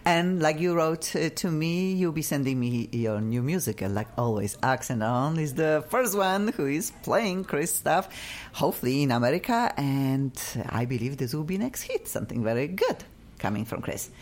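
Effusive radio host, low lively voice. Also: female voice, moderate pace. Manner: effusive, animated, playful. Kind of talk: casual radio chat. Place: radio studio.

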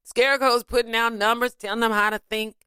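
A woman casually retelling a story in an animated way, now and then breaking into sung snippets. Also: a little high, fairly quick, clear, resonant tone, no room sound, clean studio sound.

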